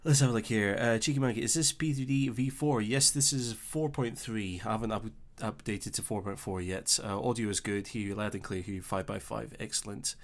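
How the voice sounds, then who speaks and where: Easygoing Scottish man streaming, low voice. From Scotland. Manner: chatty and easygoing, thinking aloud with filler pauses. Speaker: live-stream host. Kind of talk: casual live-stream chat, reading out viewer comments.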